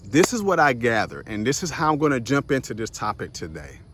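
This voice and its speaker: A man's voice: mid-range voice, a little fast. A young man hosts a short motivational video series. He tells a personal story in a casual way, talks straight to his viewers, laughs often and acts out the other voices. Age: young adult. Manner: animated, chatty, addresses viewers directly as "y'all" and "guys".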